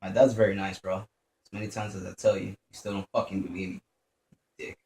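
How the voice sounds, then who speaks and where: A man's voice: low voice, little pitch movement, fairly quick, darkish tone. A young man commenting on his gameplay as he plays, swearing a lot, tensing up and muttering to himself. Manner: profane, jumpy, mutters to himself. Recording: echoey room, faint background noise.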